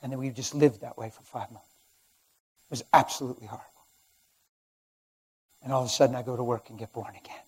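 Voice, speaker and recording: A middle-aged man preaching a sermon as a personal testimony, swinging between hushed and loud as he tells the story. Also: mid-range voice, fairly even intonation, quick pace, long pauses, husky.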